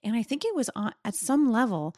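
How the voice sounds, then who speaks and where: A woman's voice: fairly high pitch, animated, a little fast, dark tone, no echo, clean studio sound. A middle-aged woman co-hosting a faith podcast, speaking earnestly and personally to encourage listeners. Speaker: podcast co-host.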